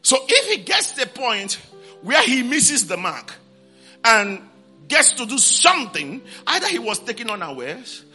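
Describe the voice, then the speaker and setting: A man's voice: very high voice, wildly swooping pitch, measured pace, bright, forceful tone, husky, faint music behind. A man preaching a sermon, repeating key words and calling out to his congregation for responses.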